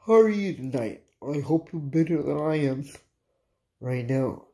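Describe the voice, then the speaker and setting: A frustrated, irritated vlogger unloads to viewers in a slow, unhurried drawl. The voice is mellow and warm in tone. The delivery is halting, with false starts and muttered swearing. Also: medium pitch, expressive. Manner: halting, restarts sentences, swears under breath. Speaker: cannabis vlogger, host of own channel. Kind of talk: casual late-night venting to viewers.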